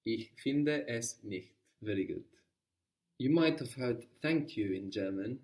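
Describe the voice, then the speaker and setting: A man teaching a guided language lesson, patiently prompting and repeating answers slowly. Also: medium pitch, animated, a little mellow, far from the mic.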